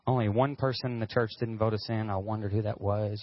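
A man pastor telling a personal story in a sermon, animated and acting out what people said. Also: fairly low pitch, brisk, hardly any pauses, no echo, dull audio. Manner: animated, acts out quotes, whoops with excitement.

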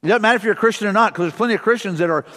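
Middle-aged male pastor, fairly high voice, chatty sermon delivery, long hall reverb. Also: very fast, pushed and bright. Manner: casual, storytelling, frequent fillers and restarts. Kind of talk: conversational sermon.

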